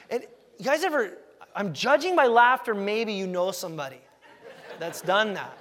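A man preaching a sermon as pastor, lively and acting out quoted thoughts with big jumps in voice. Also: moderate pace, in a large hall. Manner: animated, acts out quotes with big pitch jumps.

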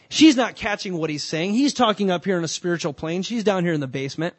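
A man preaching a sermon in a conversational way, with emphatic bursts and slow, drawn-out lines. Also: on the high side, lively intonation, no room sound. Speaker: pastor.

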